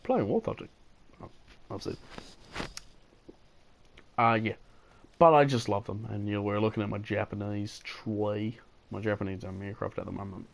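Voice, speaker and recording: A man's voice: fairly low pitch, normal speed, creaky, pauses often. Tired, rambling New man gaming. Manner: rambling and enthusiastic, playful asides. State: tired, yawning. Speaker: gaming video host. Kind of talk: casual gameplay commentary.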